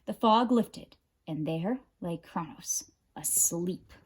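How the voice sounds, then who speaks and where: A woman librarian reading a picture book aloud with expressive, dramatic narration. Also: lowish voice, slow, a little hiss or hum. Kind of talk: storybook read-aloud.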